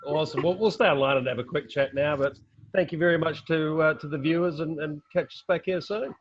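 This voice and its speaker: A man's voice: on the high side, fairly quick, dull audio, a little hiss or hum. A man hosting a casual chat, giving brief and hesitant prompts. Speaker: host.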